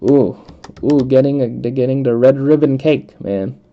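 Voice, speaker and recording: A man's voice: mid-range voice, moderate pace. A young man from the United States chatting casually while playing a video game, rambling with lots of fillers and frequent laughs. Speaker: let's play host. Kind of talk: casual chat while gaming. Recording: dull lo-fi microphone.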